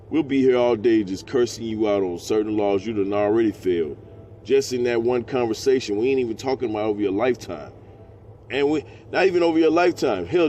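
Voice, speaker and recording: A man teaching scripture, reading verses slowly and breaking into slangy, profane asides. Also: mid-range voice, a little mellow, slight background noise. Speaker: preacher. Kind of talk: scripture teaching with street talk.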